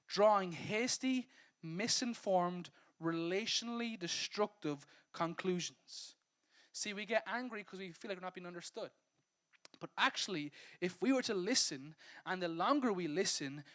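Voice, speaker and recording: High-voiced, lively pastor. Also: male voice. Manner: humorous, conversational, acts out scenes. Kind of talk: sermon.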